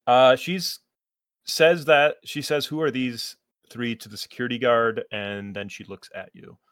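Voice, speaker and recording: Relaxed man running a tabletop game. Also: medium pitch, dry recording, clean studio sound. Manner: relaxed, halting narration with fillers. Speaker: game master.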